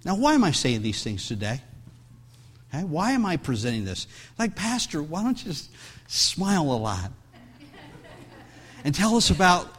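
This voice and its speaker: Animated pastor preaching with lively pitch. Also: male voice, moderate pace, long pauses, husky. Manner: conversational, many restarts and asides. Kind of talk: sermon.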